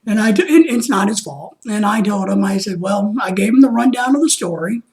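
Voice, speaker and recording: A man's voice: high-pitched, fairly quick, darkish tone. A man hosting a vlog, casually recounting an exasperating week with lots of reenacted phone calls. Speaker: vlog host.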